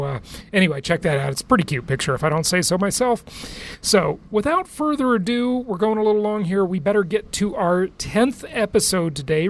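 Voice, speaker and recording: A man hosting a podcast, telling a travel story in a chatty way and laughing often. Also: on the high side. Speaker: podcast host. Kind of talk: casual chat and interview.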